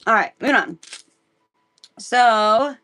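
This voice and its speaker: Gravelly-voiced woman reading the Bible on a livestream. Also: a little high, lively intonation, slow, pushed and bright. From Missouri, United States. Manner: chatty, breaks off to talk to viewers, giggly asides. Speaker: live-stream host reading the Bible. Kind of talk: casual live-stream Bible reading.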